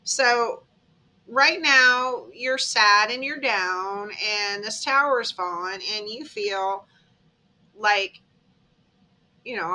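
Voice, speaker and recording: A woman's voice: mid-range voice, takes it slowly, pauses often, bright, forceful tone, slight background noise. A woman giving a casual tarot reading, telling it as a dramatic story and checking in with "okay?" along the way. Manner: chatty, dramatic storytelling, tag questions like "okay?". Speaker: tarot reader.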